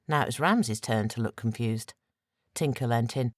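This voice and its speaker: A woman reading fiction as an audiobook narrator, measured and even, on a close studio mic. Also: a bass voice, no room sound. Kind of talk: scripted narration.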